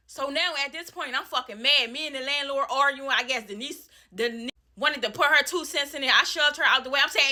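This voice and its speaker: A woman's voice: high voice, brisk, few pauses. A young woman telling a heated, profanity-filled storytime about a dispute, in casual vlog style. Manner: heated, profane, animated retelling.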